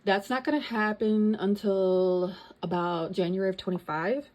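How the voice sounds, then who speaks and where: A woman's voice: medium pitch, steady tone, normal speed, darkish tone. A middle-aged woman chatting casually as a vlogger, thinking aloud and reading out figures. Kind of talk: casual chat.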